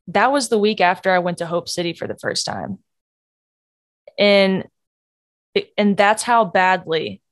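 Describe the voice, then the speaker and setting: A woman hosting a podcast, telling a personal faith story in an earnest, candid way that often drops to a hush. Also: medium pitch, no room sound, studio quality. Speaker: podcast host.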